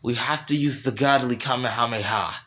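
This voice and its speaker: A man's voice: mid-range voice, brisk, sharp tone, slight background noise, close to an everyday voice. A man voicing a determined young male fused warrior, making earnest, heroic declarations in his near-normal voice.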